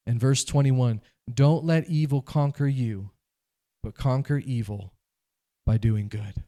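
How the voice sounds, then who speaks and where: A male pastor preaching a sermon, animated and conversational, acting out quoted voices. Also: mid-range voice, slow.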